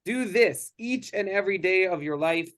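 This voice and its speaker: Guy teaching a laid-back bible class, kinda high voice, lots of uhs and restarts. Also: animated, normal speed, fairly bright tone. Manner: conversational, many restarts and fillers.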